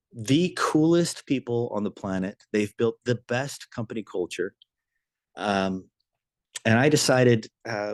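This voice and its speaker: Lowish in pitch, this man tells a story during a motivational business training talk. He's animated and eager, frequently restarting and repeating himself; the recording has no echo.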